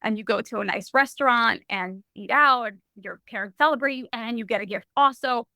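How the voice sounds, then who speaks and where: A young adult woman sharing a personal story in a podcast interview, animated and full of "like" and restarts. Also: fairly high pitch, a little fast, no echo. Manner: animated, heavy use of "like", frequent restarts. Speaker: podcast guest.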